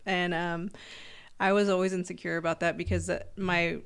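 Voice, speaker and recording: A Mexican-American woman co-hosting a podcast, telling personal stories candidly and quickly. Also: fairly low pitch, little pitch movement, clear, resonant tone. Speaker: podcast co-host. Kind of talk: casual chat.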